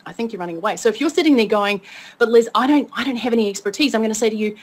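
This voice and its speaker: Upbeat higher-voiced woman coaching online. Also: rapid-fire. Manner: upbeat, chatty, keeps asking okay. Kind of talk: motivational webinar talk.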